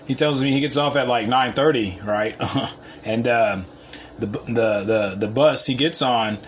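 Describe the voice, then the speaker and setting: A man telling a story in a casual, profane way, laughing often and swinging from mumbled asides to loud boasts. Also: medium pitch, a little slow, slight background noise.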